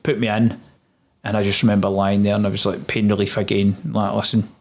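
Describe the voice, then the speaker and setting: A young Scottish man, a former soldier, telling his story in a plain, low-key way during a casual interview. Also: flat delivery, a little fast, gravelly, darkish tone. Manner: low-key, plain-spoken, recounting events in long runs.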